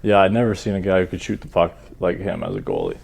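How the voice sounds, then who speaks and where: A Canadian man in his thirties, a hockey goalie talking as a podcast guest in a relaxed, self-deprecating way with many ums and uhs. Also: sits low, quick pace, vocal fry, husky. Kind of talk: relaxed interview chat.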